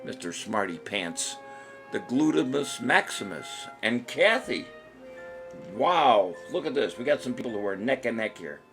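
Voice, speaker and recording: A trivia show host on a casual live stream talks a little slowly in a very animated, medium-pitched, slightly bright voice, with faint music behind. He jokes around, rambles, laughs often, and reads the viewers' answers out loud.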